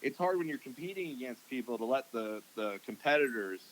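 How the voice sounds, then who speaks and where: A man speaks as a podcast guest in a mid-range voice. His answers come out halting, full of restarts and fillers as he feels his way through each thought. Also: mid-range voice, lively intonation, a bit bright, low-quality recording. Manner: hesitant, halting, many fillers. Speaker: guest angler. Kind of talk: casual interview talk.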